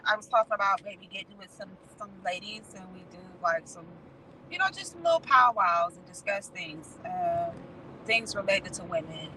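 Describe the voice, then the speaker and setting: A woman's voice: mid-range voice, big pitch swings, moderate pace, bright, forceful tone, low-quality recording. A woman chatting casually and candidly on a livestream, swearing freely and laughing as she talks. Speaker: vlogger. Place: in a car at night. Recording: road noise from a moving car.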